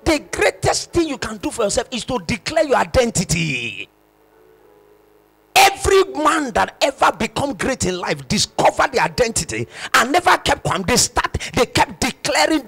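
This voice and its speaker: Raspy, high-voiced preaching pastor. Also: male voice, sing-song, normal speed, faint music behind. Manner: impassioned preaching, often shouting and repeating phrases for emphasis. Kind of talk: sermon.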